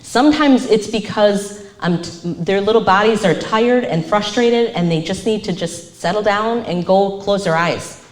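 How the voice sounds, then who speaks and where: A woman's voice: mid-range voice, measured pace, few pauses. A woman counselor giving a live presentation, acting out the phrases she quotes. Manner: animated, acts out quoted phrases. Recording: echoey room.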